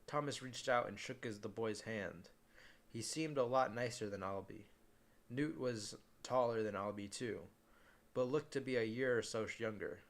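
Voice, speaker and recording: A man's voice: medium pitch, moderate pace. A man reading a novel aloud in a casual way, often stumbling and restarting words.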